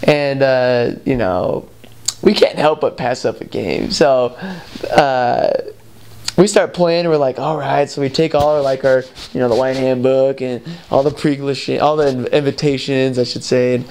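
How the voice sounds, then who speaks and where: A man's voice: mid-range voice, measured pace, darkish tone, a little hiss or hum. A young man from the United States casually telling a story about his missionary days, full of fillers and asides. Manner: rambling, full of "like" and "you know". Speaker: returned missionary.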